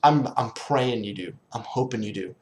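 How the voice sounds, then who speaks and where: A man's voice: medium pitch, normal speed, slight background noise. A young man ranting in a casual vlog, exasperated, sarcastic and swearing often. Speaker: sports fan vlogger.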